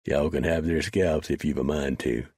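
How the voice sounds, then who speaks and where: A man voicing a blunt, rough frontier mountain man who drawls in backwoods grammar with dry sarcasm. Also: very deep voice, steady tone, moderate pace, a little mellow, no echo. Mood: gruff.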